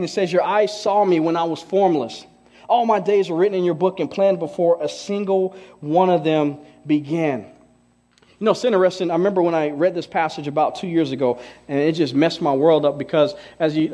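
A young adult man preaching a casual sermon, animated and joking, using slang and acting out conversations. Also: on the high side. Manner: animated, joking storyteller with slang, acts out dialogues. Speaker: pastor.

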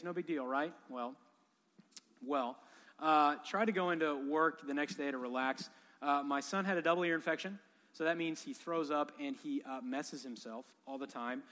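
A man's voice: a little high, sharp tone. A man in his thirties preaching a sermon, telling stories with humor and animation. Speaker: pastor. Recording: long hall reverb.

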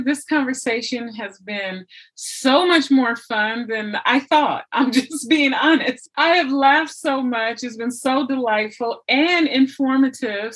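A woman's voice: high voice, a bit bright, husky. A woman in her fifties with a slightly country American accent, hosting a podcast in a casual, effusive way. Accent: American, slightly Southern country. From United States. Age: 50s. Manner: effusive, gushing praise. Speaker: podcast host.

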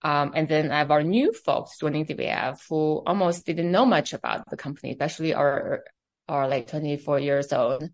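A woman in her thirties from China, speaking English as an interview guest, telling her story in an animated way and acting out the dialogue. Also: low voice, moderate pace. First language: Chinese. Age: 30s. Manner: animated, acts out quoted dialogue. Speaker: fashion company CEO, guest.

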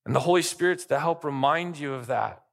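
A man's voice: fairly high pitch, a little fast, creaky. A pastor preaching a sermon, stressing his points with repeated lists. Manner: emphatic preaching with list-like repetition.

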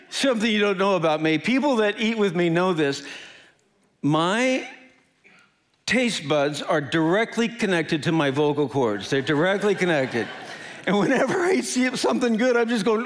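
A man's voice: high voice, normal speed. A man from the American Midwest preaching in storytelling style, laughing and acting out the people in his anecdote. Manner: animated, laughing storyteller who acts out voices. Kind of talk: storytelling sermon.

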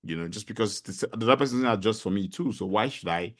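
A middle-aged man with a Nigerian accent, a podcast guest telling stories in a casual interview, animated and full of fillers. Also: lowish voice, fast. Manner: animated storyteller, many fillers.

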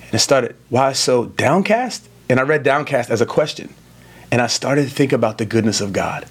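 A man in his forties speaks as a guest pastor, telling his story in an earnest, preacherly way. His pitch sits in an ordinary middle range. He leans into key lines with rising emphasis. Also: brisk, breathy edge. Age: 40s. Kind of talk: conversational interview, preacherly storytelling.

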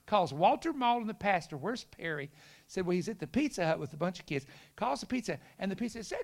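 A middle-aged man delivers a storytelling sermon in a high voice. He acts out the people he quotes, rising into sudden shouts on the punchlines. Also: big pitch swings, quick pace, vocal fry. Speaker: preacher.

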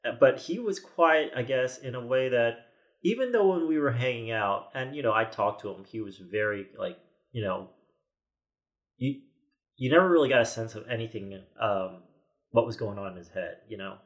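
A man's voice: medium pitch, lively intonation, moderate pace, highs cut off. A man in his forties tells a story on a podcast, circling back with restarts and quoting what people said. His voice sits in a middle register and stays casual and chatty. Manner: rambling, many restarts and quoted asides. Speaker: podcast guest.

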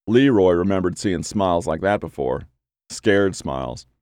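Low-voiced man narrating gritty crime fiction. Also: lively intonation, moderate pace, a little mellow, smooth, dry recording, studio quality. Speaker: audiobook narrator.

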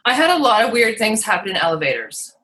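A woman's voice: medium pitch, big pitch swings, fast, bright, forceful tone. A woman comedian chatting casually as a podcast guest, rambling and giggling as she talks about herself. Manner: rambling, giggly, self-deprecating.

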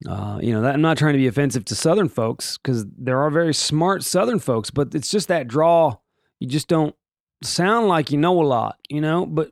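A man's voice: fairly high pitch, lively intonation, moderate pace, vocal fry, no room sound, clean studio sound. Rambling, jokey podcast man. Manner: rambling and jokey, with many restarts and asides. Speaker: podcast host. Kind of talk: casual solo daily podcast.

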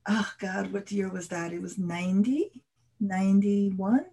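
A woman guest in a conversational interview, telling stories in a lively way and laughing often. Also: mid-range voice, a little slow, a little hiss or hum.

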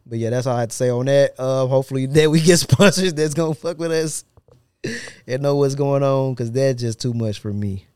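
A man holding forth on a podcast, medium-pitched and blunt, tossing out jokes and hard opinions in loose, slangy chat. The sound is dry and close, with no room around it. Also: fairly quick, darkish tone, clean tone, dry recording. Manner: joking, blunt, breaks into laughter. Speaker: podcast co-host.

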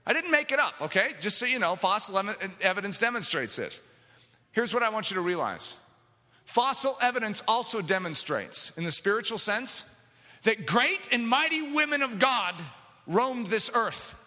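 A man preaching a sermon, impassioned and building to shouted lines. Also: high voice, animated, moderate pace. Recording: reverberant hall.

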